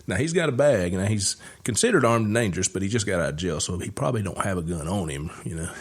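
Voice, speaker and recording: A podcast host with a drawl and a somewhat low voice. He spins a yarn in a loose, folksy way, full of "uh" and "you know". The talk is relaxed and chatty. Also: quick pace, slightly rough. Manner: folksy, rambling, with many fillers and chuckles. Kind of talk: casual storytelling chat.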